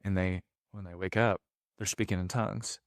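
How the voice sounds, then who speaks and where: Man, low voice, rambling story, dry close mic. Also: fairly even intonation, normal speed, smooth, dry recording. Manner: rambling, frequent restarts and fillers. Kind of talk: casual storytelling.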